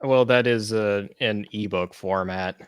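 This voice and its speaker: A man's voice: on the low side, a little slow, clean tone, no room sound, studio quality. A man being interviewed as an author, explaining his ideas thoughtfully and at length. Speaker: guest author. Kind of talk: casual interview talk.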